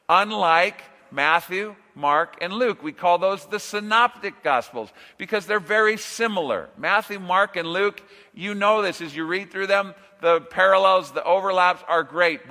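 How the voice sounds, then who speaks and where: A man preaching a sermon as pastor, slow and emphatic, with dramatic pauses and rising swells of emphasis. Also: high voice, pushed and bright, long reverb tail.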